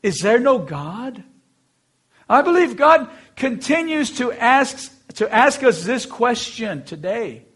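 A man with a notably high voice preaching a sermon. He tells the scripture story expressively and leans hard into slow, emphatic phrases. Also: big pitch swings, a bit bright, slightly rough. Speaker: pastor.

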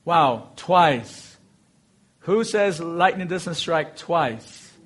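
A man with a notably high voice preaching a sermon. He tells the scripture story expressively and leans hard into slow, emphatic phrases. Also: lively intonation, a bit bright, breathy edge. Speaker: pastor.

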